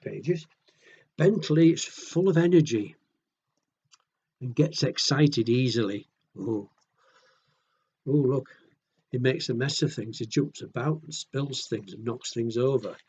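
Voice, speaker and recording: A man reading picture books aloud to children in a gentle, chatty way, often asking the listener questions. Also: medium pitch, slow pace, pauses often, muffled recording, slight background noise. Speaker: children's storyteller.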